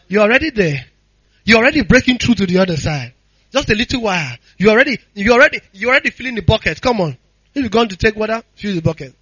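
A male pastor preaches with fervor, calling on the congregation to answer back. His voice sits high and sounds bright and forceful. The recording is dry, with a slightly dull sound. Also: husky, no room sound. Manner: impassioned call-and-response preaching. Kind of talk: sermon.

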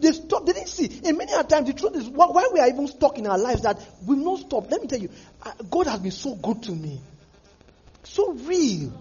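Pastor preaching hard, really high voice, husky, bouncy pitch. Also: male voice, a little mellow, dull audio. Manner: fervent, repetitive preaching with restarts. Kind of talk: sermon.

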